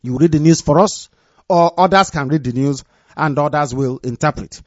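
At a moderate pace, a movement leader addresses his followers on live radio, insistent and repetitive, quieting to a low murmur for his warnings. There is no room sound, and the audio is lo-fi.

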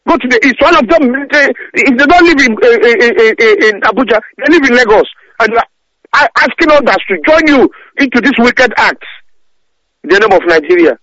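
A man phones in to a radio talk show and launches into an angry, repetitive, stammering rant, stumbling over his words. His voice is very high-pitched and sharp, animated and a little fast. The dull lo-fi phone-in recording has no room sound.

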